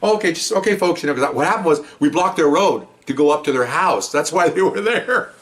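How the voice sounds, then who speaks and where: A man, a retired police officer, telling a story from his years on the job in a casual, animated way, playing the voices of the people in it. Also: fairly high pitch, a little fast, far from the mic. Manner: animated, acts out voices in the story, chuckles often.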